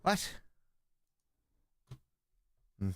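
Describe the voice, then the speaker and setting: An Irish man hosting a live football watchalong, bluntly arguing with his chat, swearing freely and shouting at chances. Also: very slow, dry recording, clean studio sound. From Ireland.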